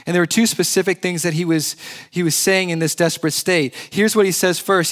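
A male pastor preaching a sermon in a church, earnest, slowing and dropping to a hush on key words. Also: high-pitched, steady tone.

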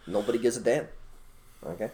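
A man co-hosting an opinionated casual chat, blunt and animated, repeating his phrases for emphasis. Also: mid-range voice, fairly quick. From United States. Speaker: co-host.

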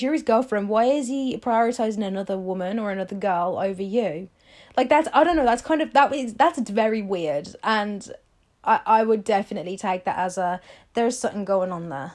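A woman's voice: medium pitch, darkish tone. A young woman hosting a solo advice podcast, talking in a chatty, emphatic way and firing off rhetorical questions. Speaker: podcast host.

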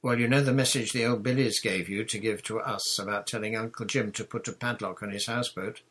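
A man's voice: on the low side, fairly even intonation, a bit bright, husky. A man reading a storybook, voicing a bold, bossy girl who leads her friends like a pirate captain. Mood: excited. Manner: commanding, brisk, dramatic.

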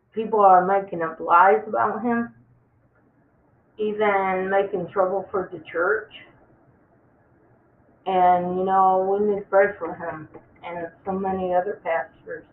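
Slow drawl preaching end times, tinny phone-ish sound. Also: mid-range voice, reverberant, slight background noise. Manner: emphatic, preachy, repeats for stress. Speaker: religious vlogger. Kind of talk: impassioned end-times warning monologue.

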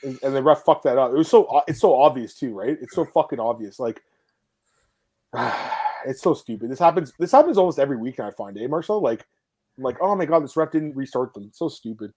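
Male podcast host, rapid-fire and opinionated, casual and profane. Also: mid-range voice, expressive, warm tone, slightly rough. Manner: blunt, swears freely, quick opinionated talk.

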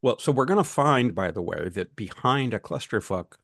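A man's voice: on the low side, animated, moderate pace, creaky, a bit bright, no echo, studio quality. A man co-hosting a casual podcast chat, telling frank stories and acting out other people's lines, with swearing. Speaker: podcast co-host, lawyer.

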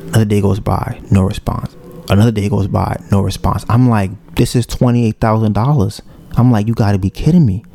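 A man's voice: fairly low pitch, fairly quick, gravelly, warm tone, slight background noise. A man hosting a podcast who retells events in a loose, slangy way and acts out his own reactions in quotes. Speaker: podcast host. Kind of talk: casual storytelling.

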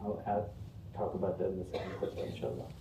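Earnest preacher in an echoey hall. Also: male voice, sits low, little pitch movement, fast talker, creaky, heavy background noise. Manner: earnest, rhythmic listing with rising emphasis. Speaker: Friday sermon preacher. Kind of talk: sermon. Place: mosque prayer hall. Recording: echoey hall, distant muffled mic.

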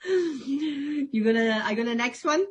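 Playful Italian-accented woman, lively pitch. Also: slow, muffled recording, slight background noise. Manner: playful, laughs easily. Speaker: co-host. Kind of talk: casual chat.

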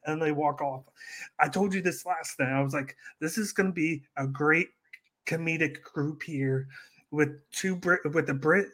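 A man on a casual podcast, retelling events in an animated way and acting out what others said. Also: on the high side. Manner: animated storytelling, acts out quotes. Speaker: podcast co-host. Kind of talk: casual wrestling podcast chat.

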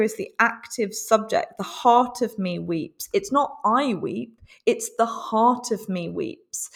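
A woman teaching a lesson on a poem, explaining in a measured way with frequent pauses and ums. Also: medium pitch.

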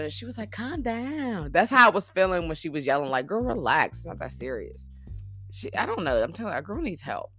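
Woman, sassy casual recap, low voice, animated delivery. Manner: chatty, sassy, laughs often. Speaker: reality TV recap host.

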